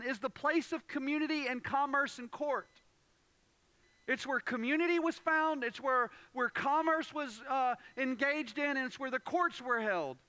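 A man delivers a sermon in a very high, bright voice that stays close and dry in the recording. He presses his points with emphasis, restating key phrases and rising to loud moments. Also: dry recording. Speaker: pastor.

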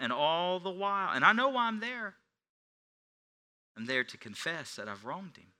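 Bright-voiced man preaching a sermon. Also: high-pitched, sing-song, normal speed, pauses often. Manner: confessional storytelling, dropping to near whispers then rising to shouts. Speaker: pastor.

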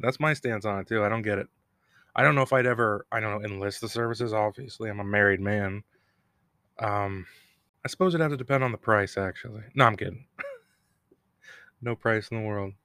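A man's voice: on the low side, normal speed, long pauses, bright, forceful tone, no echo, clean studio sound. A man casually recapping a TV episode on his own, rambling, joking and laughing at himself. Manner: self-deprecating, rambling, laughs at own jokes. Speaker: podcast host recapping an episode. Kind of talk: casual solo recap with jokes. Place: home recording room, cat bell nearby.

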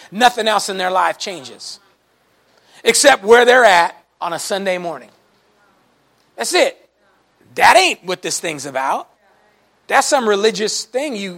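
A man preaching a sermon to a congregation, telling folksy stories in an animated way and breaking into shouts now and then. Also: sits high, creaky. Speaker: pastor. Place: church service before a congregation.

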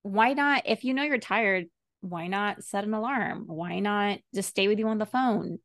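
A woman's voice: mid-range voice, moderate pace, fairly bright tone, no room sound, studio quality. A woman co-hosting a podcast, chatting casually, supportive and asking probing questions. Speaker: podcast co-host. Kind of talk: casual chat.

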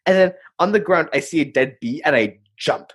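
Animated young storyteller, husky voice. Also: medium pitch, moderate pace. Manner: animated storyteller, many fillers. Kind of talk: casual chat.

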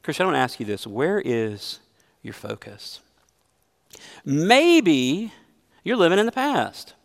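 Man, pastor, sermon, fairly high voice, emphatic, long hall reverb. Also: very animated, slow, creaky. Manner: earnest, emphatic preaching with storytelling.

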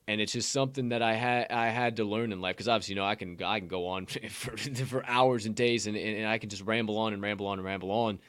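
A man with a lowish voice delivers a casual motivational segment on a podcast. He is blunt and profane, and he rambles and restarts as he talks. The sound is dry and close. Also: fairly even intonation, fast, hardly any pauses, fairly bright tone, clear, resonant tone, no room sound.

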